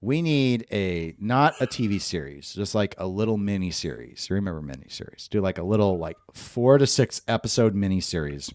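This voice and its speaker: A man co-hosting a podcast in casual, joking banter. His pitch swings widely as he talks, and the sound is dry and close with no room echo. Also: expressive, fairly quick, hardly any pauses, a little mellow. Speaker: podcast co-host. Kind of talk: casual chat.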